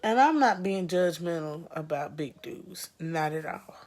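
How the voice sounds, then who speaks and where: Emphatic, profane woman with a lowish voice. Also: lively intonation, unhurried, darkish tone. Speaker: best friend guest. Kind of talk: casual commentary.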